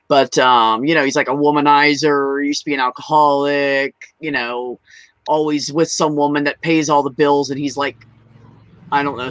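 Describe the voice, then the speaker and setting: A man's voice: medium pitch, a bit bright. A young adult man hosting a live open mic stream, chatting casually, laughing, swearing and mimicking his relatives as he tells stories. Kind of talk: casual chat.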